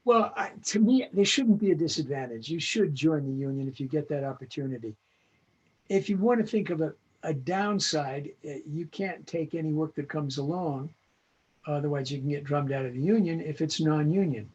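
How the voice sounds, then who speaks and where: Older man, husky voice, blunt emphatic advice, dull lo-fi video call audio. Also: fairly high pitch, normal speed. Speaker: veteran voice actor guest. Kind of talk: interview over video call.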